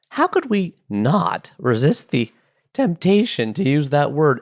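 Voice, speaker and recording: A man hosting a solo podcast from his basement, chatty and playful, wandering off into quick jokes and asides. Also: a little high, huge pitch swings. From Canada. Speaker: podcast host. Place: home basement.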